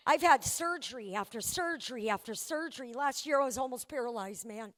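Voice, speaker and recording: A young woman speaks to a live recovery meeting, her voice sitting high. She tells her story candidly and with humor, often restarting her sentences as she goes. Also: expressive, fairly quick, fairly bright tone. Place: event venue before a live audience.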